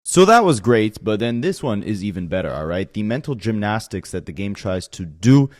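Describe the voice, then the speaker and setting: Male host, low voice, close and dry, sarcastic running commentary. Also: big pitch swings, normal speed, a little mellow, dry recording. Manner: sarcastic, incredulous. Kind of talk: commentary on rap clips.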